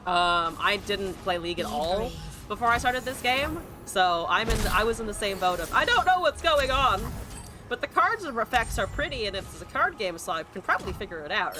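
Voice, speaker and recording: A woman streaming a card game, commenting as she plays and ranting with heavy swearing about her opponents. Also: mid-range voice. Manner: profane, ranting, exasperated. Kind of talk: live-stream gameplay commentary.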